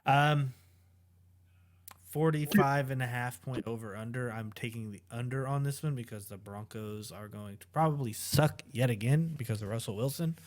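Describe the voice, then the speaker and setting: A man's voice: mid-range voice, normal speed. Opinionated male fantasy football co-host. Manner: opinionated, trails off into fillers. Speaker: podcast co-host. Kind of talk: casual sports chat.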